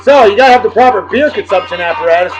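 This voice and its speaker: Brash, rambling male vlog host with a high voice, on a dull lo-fi recording with faint music. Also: expressive, very fast. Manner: boisterous, jokey, rambling. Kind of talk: casual beer-tasting vlog.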